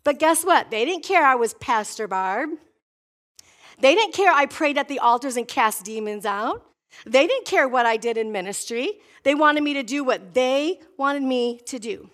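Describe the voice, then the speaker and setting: A middle-aged woman pastor from Wisconsin preaching a sermon, telling a personal story with lively acted-out dialogue. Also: high-pitched, normal speed. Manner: animated storytelling preacher, voicing herself and God in dialogue.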